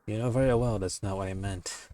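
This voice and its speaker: A man voicing a stern, patient male shepherd who gives firm, flat refusals in a playful dramatic reading of a comic. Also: lowish voice, a little fast, lightly acted.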